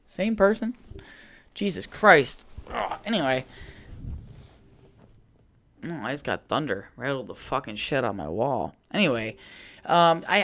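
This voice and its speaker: A man's voice: a little high, fairly bright tone. A young man hosting a solo podcast from home, telling a rambling, swear-heavy story in a casual chat. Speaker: podcast host. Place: at home by a window.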